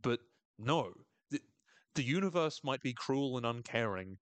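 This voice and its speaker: A man's voice: medium pitch, expressive, a little slow, no room sound. A man hosting a podcast, recapping a TV episode in a casual, irreverent way, swearing and laughing often. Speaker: podcast host.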